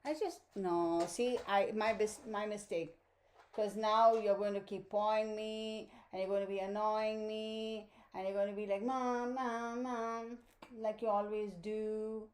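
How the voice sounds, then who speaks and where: Chatty woman host, casual, laughs easily, medium pitch. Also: fairly even intonation, normal speed, darkish tone. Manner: chatty, laughs often, baby-talks to her dog. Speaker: tarot reader, channel host. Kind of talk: casual chat to viewers.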